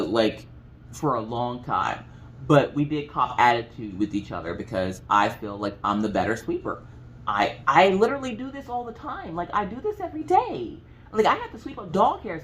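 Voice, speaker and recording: A woman from the American South with a Southern accent, telling a story in a chatty, animated way, full of asides. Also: rumbling low, gravelly, slight background noise, poor audio. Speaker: craft vlogger. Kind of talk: casual storytelling chat.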